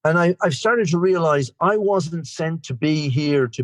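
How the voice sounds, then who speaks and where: A man's voice: on the high side, normal speed, hardly any pauses, dry recording. An Irish man in his sixties, sharing his recovery story at a meeting in a rambling, self-deprecating way. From Ireland. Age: 60s. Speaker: guest speaker.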